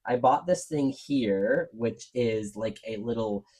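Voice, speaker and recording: Man, hands-on craft host, casual and candid, mid-pitched voice, explains as he works. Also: takes it slowly, warm tone. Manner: chatty, frank, talks to viewers while working. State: out of breath. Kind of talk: casual step-by-step craft demo.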